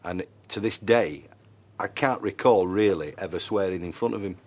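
A man recalling family life in an interview, calm and reminiscing. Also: low voice, moderate pace. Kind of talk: interview talk.

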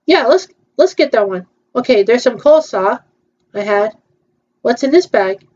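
A woman's voice: fairly high pitch, animated, moderate pace, a little mellow, highs cut off. A woman chatting casually through a virtual theme-park tour, hesitant and playful, with frequent ums.

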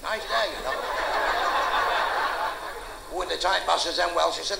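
The speaker is a male stand-up working a club with crude material and audience heckling. He has a high, gravelly voice at normal speed and pauses often. The live recording is noisy.

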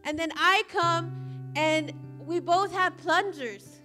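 A woman's voice: very high-pitched, slow, sharp tone, faint music behind. A woman giving a casual, chatty sermon at a church service, telling stories and often saying "like.". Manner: chatty storytelling, frequent "like". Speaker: church leader.

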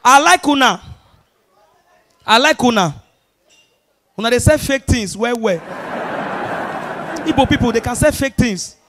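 A man with a Nigerian Pidgin English accent doing an animated stand-up comedy routine, acting out characters with shouts. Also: extremely high pitch, unhurried, pauses often.

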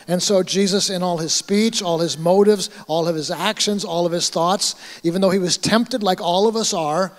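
A middle-aged male pastor preaching a sermon in a conversational way, with acted-out asides. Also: high-pitched. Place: church hall. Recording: church hall with long reverb.

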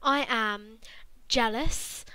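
A woman's voice: on the high side, very slow, bright, forceful tone, clear, resonant tone, no room sound, pitched below the performer's own voice, exaggerated voice, rough recording. A woman voicing a brash, defensive young male contestant in a dating game, in a jokey tone. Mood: bragging.

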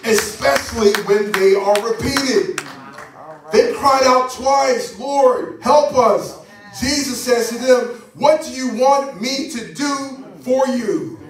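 A man's voice: extremely high pitch, slow pace. A man preaching a sermon as pastor, fervent and rhythmic, drawing call-and-response from the congregation. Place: church sanctuary. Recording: echoey church sound from a distance.

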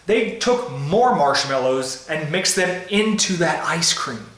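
A man's voice: on the high side, lively intonation, takes it slowly, a bit bright. A man giving an upbeat, playful food review in a casual vlog, tasting as he talks. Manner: tasting ice cream while talking. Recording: roomy echo.

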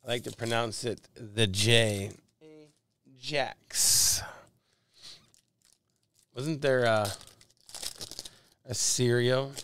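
A man's voice: medium pitch, fairly even intonation, slow pace, long pauses, a bit bright, a little hiss or hum. A man hosting a live card break, reading out players and teams in casual chat and joking about how names are pronounced. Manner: chatty, joking about name pronunciations.

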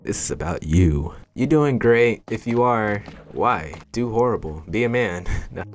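A young man giving casual, joking gameplay commentary to his viewers. He swears freely and bursts into excited yelps. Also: lowish voice, unhurried. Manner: chatty, talks straight to viewers. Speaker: gaming YouTuber.

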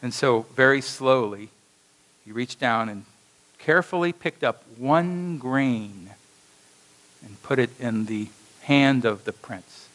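A man's voice: mid-range voice, slow pace, poor audio. A male pastor delivering a sermon in a church, telling a story and acting out its voices with animation. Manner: animated storytelling with acted quotes.

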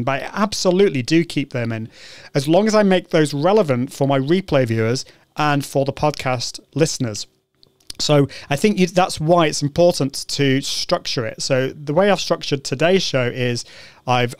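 British male host, chatty and upbeat, smooth clear voice, dry close sound, mid pitch. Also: no echo. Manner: chatty, upbeat, frequent restarts and ums. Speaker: live show host. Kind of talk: casual live-stream tutorial.

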